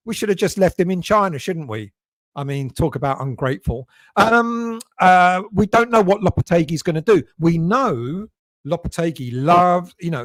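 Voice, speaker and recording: A man's voice: sits high, a bit bright, dry recording, clean studio sound. A man hosting a casual live stream, chatting and greeting viewers by name as he reads their messages. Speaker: fan channel host reading live chat.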